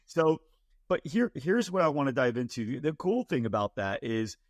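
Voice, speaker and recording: A man hosting a casual interview, playful and quick to laugh. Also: mid-range voice, sing-song, dry recording. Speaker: podcast host.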